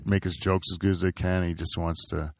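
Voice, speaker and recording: A man's voice: low voice, little pitch movement, fairly quick, gravelly, dry recording, clean studio sound. A man on a podcast talking in a laid-back, reflective casual chat.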